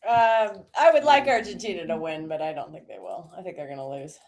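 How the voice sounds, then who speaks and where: A woman's voice: lowish voice, expressive, a little fast, a little mellow. A woman chatting on a live stream, playful and teasing. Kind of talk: casual live stream chat.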